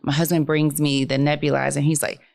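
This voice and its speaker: A woman's voice: low-pitched, fast, gravelly. A woman, a nurse practitioner, chatting casually as a podcast guest and acting out the dialogue in her stories. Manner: animated storyteller who acts out quoted dialogue.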